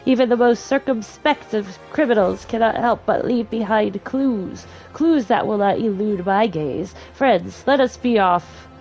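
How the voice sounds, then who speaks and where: A woman voicing a pompous, theatrical gentleman detective as she reads game dialogue aloud, with grandiose, flowery speech. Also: mid-range voice, a little slow, few pauses, faint music behind, close to an everyday voice, low-quality recording. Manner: grandiose, flowery, self-important.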